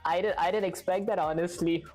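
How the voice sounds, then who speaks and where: A woman's voice: lowish voice, steady tone, brisk, darkish tone, soft background music. A woman hosting a casual live stream while she codes, chatty and giggly, thinking aloud and answering viewer comments. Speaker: live-stream host learning to code.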